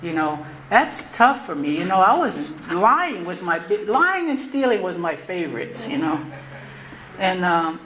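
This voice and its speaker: A woman's voice: lowish voice, sing-song, unhurried, a bit bright. A woman in the middle of a heartfelt recovery talk, earnest and reflective as she speaks from the podium. She circles back and repeats her phrases, sometimes stopping to restart a sentence. The live recording sounds roomy, with a faint hiss of noise underneath. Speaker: closing speaker at a recovery convention. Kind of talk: personal recovery share, spoken from the podium.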